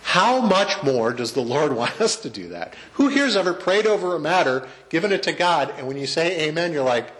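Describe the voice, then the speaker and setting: A pastor delivers a sermon in a church sanctuary, chatting, joking, and putting questions to his congregation. His voice is on the high side and a bit bright, very animated, at a moderate pace with hardly any pauses.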